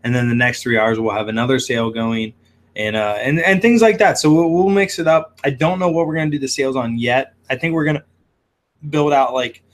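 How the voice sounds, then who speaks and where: A man's voice: mid-range voice, brisk. A man who runs a shrimp shop, hosting a casual livestream with lots of fillers as he reads viewer comments aloud. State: hiccuping.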